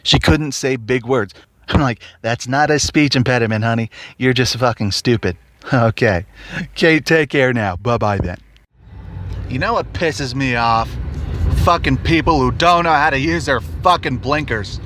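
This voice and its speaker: Behind the wheel of his car, a male podcast host rants angrily and sarcastically, swearing constantly in a profane monologue. His voice is mid-range and fairly bright, at a moderate pace, with no room sound and only faint road and traffic noise behind him.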